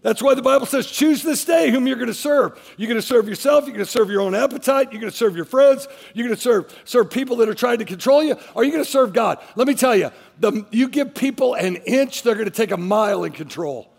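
A man's voice: very high voice, animated, a little fast, creaky, few pauses, in a large hall. A man preaching a sermon as a pastor, emphatic, repeating his phrases as he drives each point home.

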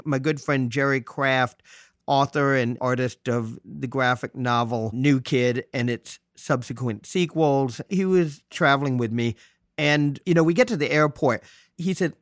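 A man from New City, hosting a podcast and telling stories in a joking, salty, animated way. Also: medium pitch, no echo, studio quality. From New York City. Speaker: podcast host. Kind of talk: casual storytelling monologue.

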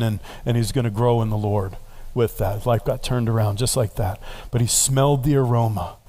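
A man preaching, a pastor telling a story in a relaxed, conversational way and building to earnest prayer. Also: medium pitch. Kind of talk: sermon.

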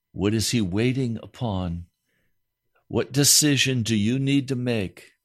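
A man preaching a sermon as a pastor, voice rising into high, pleading questions.

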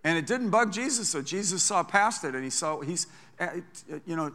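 A male pastor preaching with a bright, forceful voice pitched a little high. His delivery is conversational and animated, full of quick restarts. The sound carries a long reverb from a large church hall. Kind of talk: sermon.

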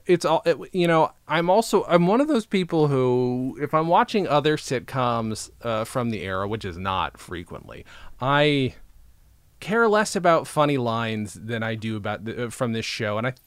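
A man's voice: mid-range voice, animated, normal speed, clear, resonant tone, no echo. A man hosting a podcast, chatting casually in a rambling, jokey way with lots of fillers. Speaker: podcast host. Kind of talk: casual chat.

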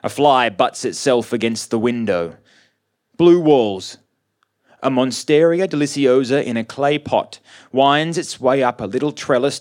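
A man narrating a first-person story in a measured, dry, observant way. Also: medium pitch, a little mellow. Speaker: reader.

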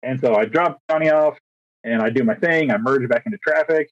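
Husky young man telling a story. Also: mid-range voice, brisk, no room sound. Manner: animated, acts out quotes, frequent restarts and fillers. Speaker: podcast co-host, teacher. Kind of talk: casual storytelling chat. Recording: dry, dull lo-fi recording.

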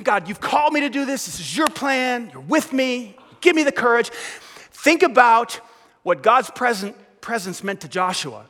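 A male pastor preaching with animated energy, throwing questions out to his congregation. His voice sits high and bright. It rings with a long reverb across a large auditorium. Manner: animated, conversational, quizzing the crowd. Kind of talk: sermon.

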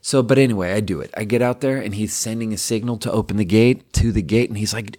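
A man's voice: on the low side, quick pace, few pauses, dark tone, slightly rough. A man telling a long personal story in a casual, rambling way, swearing often and using lots of fillers. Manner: rambling and profane, heavy with fillers.

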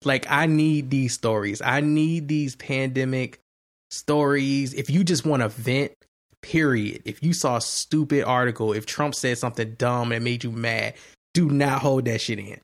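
A man's voice: mid-range voice, measured pace. Slangy, emphatic man hosting a podcast. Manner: loose, slangy, emphatic pleading. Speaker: podcast host. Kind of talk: casual chat.

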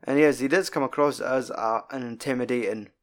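Scottish dude, casual film chat, swears a ton, rambles, mid pitch. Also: male voice, brisk. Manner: sweary, rambling and animated retelling.

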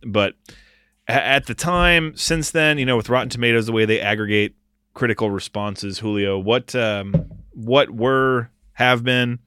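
A man's voice: medium pitch, a little slow, bright, forceful tone, smooth, dry recording, studio quality. A man in his thirties hosting a podcast, talking casually in a rambling way with lots of filler. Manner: rambling, filler-heavy delivery. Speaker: podcast host.

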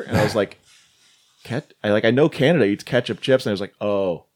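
A man co-hosting a podcast, retelling movie scenes in a casual, swearing way. His pitch swings widely as he quotes lines and breaks into laughter. The talk is loose and chatty. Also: measured pace, long pauses. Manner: animated, swearing. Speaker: podcast co-host. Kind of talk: casual chat reviewing a film.

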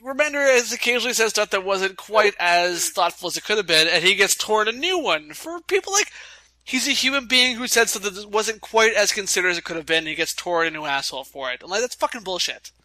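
Male co-host, high, very bright voice, fast and opinionated. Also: expressive, no room sound. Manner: quick, opinionated, swearing. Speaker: podcast co-host. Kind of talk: casual chat.

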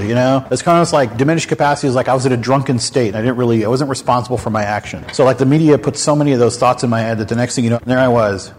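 A man hosting a candid faith talk show, speaking in a frank, animated storytelling manner. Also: mid-range voice, racing, hardly any pauses, a little hiss or hum. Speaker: host. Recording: long hall reverb.

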